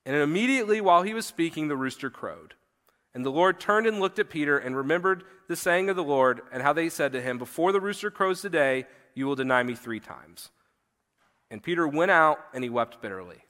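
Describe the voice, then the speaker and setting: A man's voice: fairly high pitch, animated, a little fast, bright, forceful tone. Male pastor, earnest sermon, scripture reading, long hall reverb. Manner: earnest preaching, reads scripture aloud, occasional fillers. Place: church hall.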